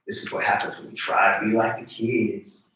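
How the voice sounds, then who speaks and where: A man giving a slow, deliberate, rhythmic live poetry reading. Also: fairly low pitch, level tone, pushed and bright. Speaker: poet reading his work. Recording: very echoey room, voice from far off.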